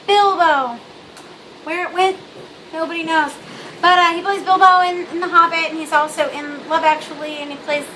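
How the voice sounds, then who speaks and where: A young woman talking casually in a vlog, bubbly and blunt, rambling with lots of fillers like a Valley girl. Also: sits high. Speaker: vlogger. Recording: noisy home recording.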